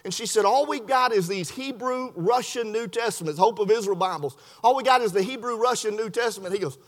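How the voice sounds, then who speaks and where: High-voiced folksy preacher man. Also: a little fast, hardly any pauses. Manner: folksy storytelling with repetitions and southern-style grammar. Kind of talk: sermon.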